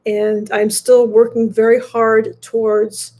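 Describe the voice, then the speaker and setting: A woman in her fifties chatting casually to viewers from a hotel room, rambling and halting with many fillers and restarts. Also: a little high, flat delivery, a little mellow. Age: 50s. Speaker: motorcycle vlogger.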